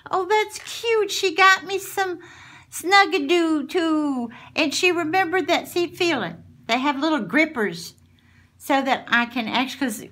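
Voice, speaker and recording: A woman with a drawl takes her time, talking at a slow, easy pace. She is chatting casually at home while opening mail. She gushes and exclaims over everything she pulls out. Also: high voice, lively intonation, pushed and bright. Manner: gushing, exclaiming over each item. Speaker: craft channel host. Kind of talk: casual unboxing chat.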